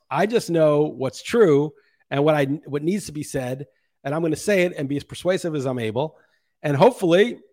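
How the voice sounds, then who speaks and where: Middle-aged male podcast host, high-pitched, heated and profane solo monologue. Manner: impassioned, ranting, profane.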